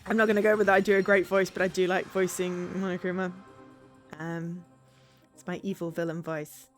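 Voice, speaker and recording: A woman's voice: lowish voice, flat delivery, brisk, soft background music. A woman streamer chatting casually and self-deprecatingly between voicing characters in a visual novel. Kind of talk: casual chat while reading a visual novel aloud.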